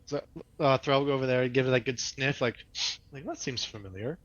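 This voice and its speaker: A man playing a tabletop game, making playful, breathy asides about his character. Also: mid-range voice, level tone, fast talker, no room sound, lo-fi sound. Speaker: player. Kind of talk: casual chat.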